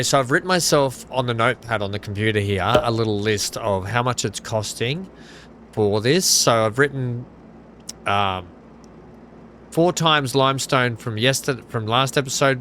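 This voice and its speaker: An Australian man chats his way through a let's-play, keeping a loose, self-mocking tone as he talks to himself and his viewers. His voice sits at an ordinary middle pitch. Game engine and vehicle rumble runs clearly under his voice. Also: moderate pace. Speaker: gaming video host. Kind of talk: casual let's-play commentary. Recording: steady game vehicle and engine noise behind.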